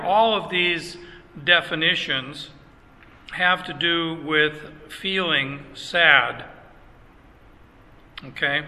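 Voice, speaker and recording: Bright-voiced Canadian man preaching in a hall. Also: fairly high pitch, a little hiss or hum. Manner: conversational, chuckling asides, frequent restarts. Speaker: pastor. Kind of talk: teaching sermon.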